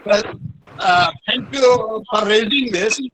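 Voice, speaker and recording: A man, a professor, answering a question on a webinar video call with deliberate, emphatic lecturing and spoken examples. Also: high-pitched, steady tone, background noise. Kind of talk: webinar discussion.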